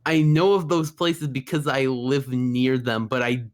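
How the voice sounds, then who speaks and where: A man's voice: medium pitch, fairly even intonation, unhurried. A young man co-hosting a podcast, chatting casually and rambling hesitantly with many fillers. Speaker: podcast co-host. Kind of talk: casual chat.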